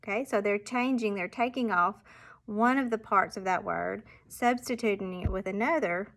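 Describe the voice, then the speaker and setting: A woman primary school teacher explaining reading exercises to parents, patiently sounding out example words with clear emphasis. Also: mid-range voice, normal speed, fairly bright tone.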